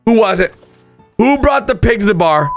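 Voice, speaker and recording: A young man commentating on gameplay clips with excited outbursts and shouts. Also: high-pitched, moderate pace, faint music behind. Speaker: gaming commentator.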